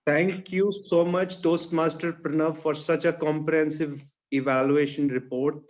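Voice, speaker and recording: A man's voice: a little high, level tone, unhurried, lo-fi sound. A man acting as general evaluator, introducing the next speaker with formal titles. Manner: ceremonious, uses titles. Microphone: video call.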